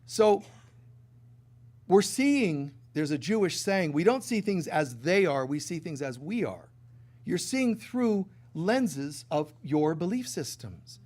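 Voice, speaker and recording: A middle-aged man preaching a spiritual sermon, telling a story with playful asides, often dropping soft and then rising loud. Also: fairly high pitch, expressive, slow pace. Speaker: spiritual teacher.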